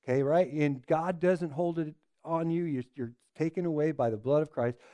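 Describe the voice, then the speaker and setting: A man's voice: on the high side, normal speed, warm tone, no echo. A man preaching a sermon as a pastor, asking the listeners rhetorical questions and often restarting his phrases.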